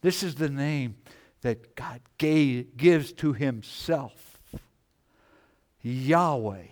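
A man preaching a sermon, slow and emphatic, repeating key phrases and swinging from loud exclamations to hushed, low lines. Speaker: pastor.

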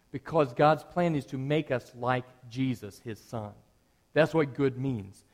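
A middle-aged man, a pastor, preaching a sermon in a conversational way that rises at times to animated emphasis. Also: mid-range voice.

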